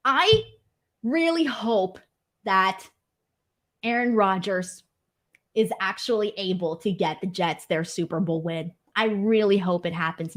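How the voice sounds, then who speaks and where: A young woman hosting a casual livestream, reading viewer comments and telling funny stories in a chatty, self-mocking way. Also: medium pitch. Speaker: wrestling show host reading super chats.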